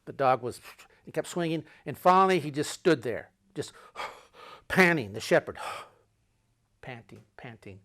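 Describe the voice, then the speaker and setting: A man with a slightly higher voice recounts a tense story from the road. He builds suspense by repeating phrases, then drops into quiet, breathy asides. His telling is dramatic and personal. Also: animated, moderate pace. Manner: dramatic, swings between loud urgency and hushed low tones. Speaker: podcast host telling a travel story.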